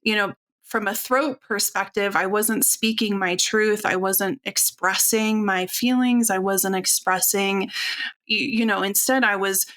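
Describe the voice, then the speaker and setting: Bright-voiced woman telling her story. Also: medium pitch, fairly even intonation, measured pace. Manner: open, earnest, conversational with fillers. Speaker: podcast guest, functional nutritionist. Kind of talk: candid personal storytelling.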